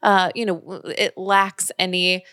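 A woman's voice: fairly low pitch, little pitch movement, unhurried, a bit bright, dry recording, clean studio sound. A woman co-hosting a parenting podcast, giving reassuring advice in a casual chat.

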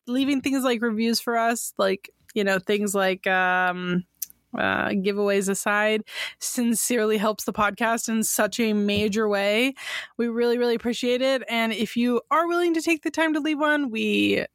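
Bubbly woman co-host, bright-ish high voice, dry close sound. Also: moderate pace, no room sound. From Bay Area, California. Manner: bubbly, laughs often, swears casually. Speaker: podcast co-host. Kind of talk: casual podcast chat.

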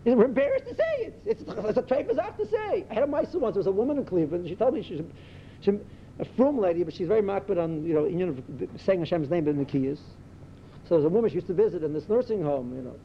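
Man, rabbi's talk, high lively voice, Yiddish and Hebrew words, dull lo-fi recording, faint rumble. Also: fast. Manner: storytelling, full of Yiddish and Hebrew words, rising to excited emphasis. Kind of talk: Torah talk.

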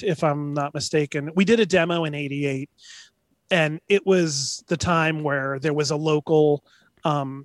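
A man's voice: fairly high pitch, no echo. A man, a band member being interviewed, telling stories casually and animatedly. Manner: chatty, animated anecdotes with put-on voices. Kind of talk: casual storytelling.

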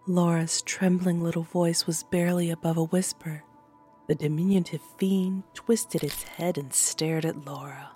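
A woman narrating a short horror story in a calm, measured way. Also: low voice, breathy edge. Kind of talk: scripted horror fiction narration.

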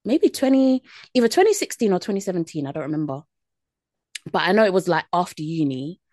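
Podcast co-host, woman in her twenties, lowish voice, dry close sound, unhurried storyteller. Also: sing-song, darkish tone, no room sound. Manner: laid-back storytelling, many fillers. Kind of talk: casual chat.

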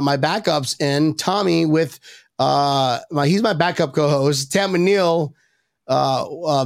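A gravelly-voiced man hosts a loose, rambling podcast conversation. He talks in a fairly high register and gets excitable, with sudden squeaky outbursts. The sound is close and dry. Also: dry recording. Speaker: podcast host. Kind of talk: casual podcast chat.

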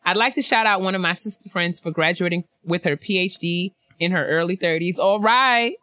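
A young woman co-hosting a laid-back chat show, reading listener messages with animated asides and easy laughter. Her voice is bright and crisp. The recording is close and dry. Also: fairly low pitch, brisk, no room sound. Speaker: podcast co-host.

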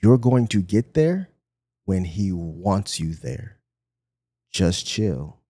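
A man from Michigan, a pastor, telling an animated personal story in a podcast conversation and acting out the voices he quotes. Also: low voice, takes it slowly, slightly rough.

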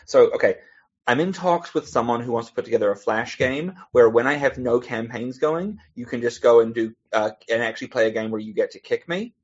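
A man's voice: mid-range voice, expressive, a little fast, slightly rough. A man, a comic author on a podcast as a guest, telling rambling anecdotes in a casual chat and laughing between restarts. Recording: dull lo-fi podcast audio.

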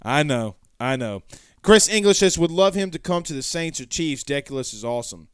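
A sports show host runs a casual stream, reading fan comments and wandering into folksy tangents, rambling and correcting himself. His slightly high voice is smooth and resonant, with lively intonation and a slightly fast pace. The recording is dry and close, with no echo.

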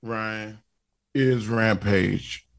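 A man's voice: fairly low pitch, fairly even intonation, very slow, creaky, no room sound, clean studio sound. A man hosting a casual wrestling talk show, announcing his picks with dramatic flourish. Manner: dramatic, declaring winners with flourish. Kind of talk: casual podcast chat.

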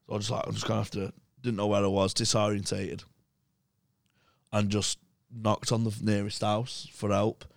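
A man's voice: on the low side, normal speed, gravelly, no echo, studio quality. A young English man, a podcast guest, telling rambling, swear-filled stories in casual chat. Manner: swears a lot, rambling animated anecdotes.

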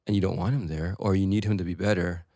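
Podcast co-host, young adult man, deep voice, reflective and jokey, dry studio sound. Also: fairly even intonation, fast talker, warm tone, no echo. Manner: self-deprecating, musing, laughs often. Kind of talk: casual chat. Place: small recording room. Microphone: headphones and studio mic.

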